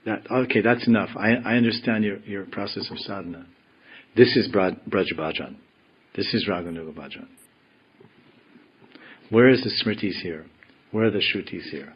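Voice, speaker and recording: A man voicing a wise old sage who gently but firmly halts a devotee. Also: lowish voice, normal speed, pauses often, slightly rough, muffled recording.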